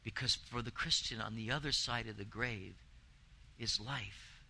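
A man's voice: fairly low pitch, a little slow, creaky, bright, forceful tone, slightly rough, rough recording. A man preaching a sermon, earnest and emphatic, building intensity with repeated phrases. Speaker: pastor.

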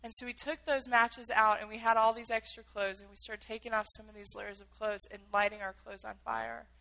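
A woman's voice: a little high, level tone, brisk, vocal fry, bright, forceful tone, poor audio. A woman telling a personal story in a vivid, emotional way, acting out the quotes.

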